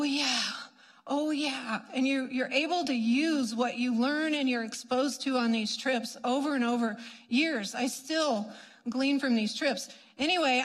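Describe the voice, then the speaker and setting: A high-voiced woman tells a testimony story from the pulpit, acting out her own reactions with lively leaps in pitch. Her voice rings out with a long hall reverb. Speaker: ministry speaker.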